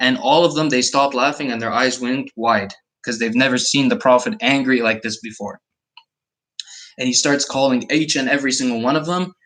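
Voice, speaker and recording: A man's voice: medium pitch, a bit bright, low-quality recording. A young man teaching a live-streamed Islamic story lesson, telling it vividly and speaking to online viewers. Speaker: mosque teacher.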